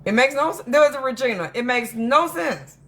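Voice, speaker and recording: A woman hosting a casual commentary monologue, telling stories in an animated, emphatic way that rambles with frequent restarts. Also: high voice, a little fast, slight background noise. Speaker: host of a drama commentary channel.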